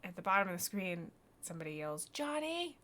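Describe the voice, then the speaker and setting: A woman's voice: fairly low pitch, fairly even intonation, quick pace, sharp tone. Woman streamer reading a game aloud.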